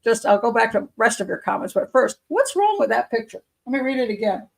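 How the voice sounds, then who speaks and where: A woman's voice: a little high, big pitch swings, fast, creaky, poor audio. A woman hosting a live show as a criminal profiler, reading news aloud with skeptical, muttered asides and self-corrections.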